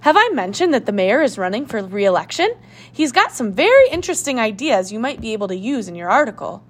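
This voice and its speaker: A woman's voice: a little high, very animated, fairly quick. A woman voicing a fussy, chatty middle-aged housewife who sounds a little dismissive.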